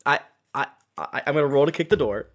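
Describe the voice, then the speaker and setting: A player in a tabletop game, excitable and quick to laugh. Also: mid-range voice.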